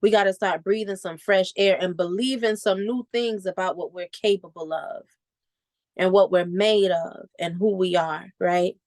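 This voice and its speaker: A woman speaking in an animated, preacherly way on a panel, repeating tag questions. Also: mid-range voice, moderate pace, no echo, studio quality. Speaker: conference panelist. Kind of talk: preaching-style panel talk.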